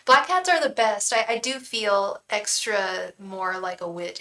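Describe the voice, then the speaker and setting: A woman with a medium-pitched, sharp voice talks a little slowly with few pauses, sitting far from the mic in an echoey room at home with faint noise. She chats casually on a live tarot stream, often cooing baby talk at her cat.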